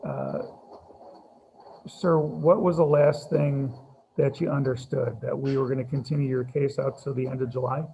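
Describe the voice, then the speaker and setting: A man serving as judge, running a court hearing over a video call in an unhurried, procedural way. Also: mid-range voice, fairly even intonation, creaky, dark tone, slight background noise. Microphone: computer mic on a video call. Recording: dull lo-fi video call audio.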